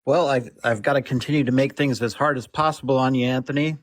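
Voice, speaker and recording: A man in a live discussion, putting a question in a measured way and playing devil's advocate. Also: medium pitch, steady tone. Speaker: co-host asking questions.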